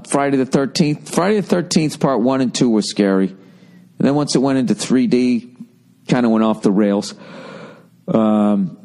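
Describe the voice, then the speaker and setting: A man hosts a comedy podcast, reading listener letters while ranting casually with plenty of profanity. His medium-pitched voice is a little mellow, and his style is rambling and sarcastic.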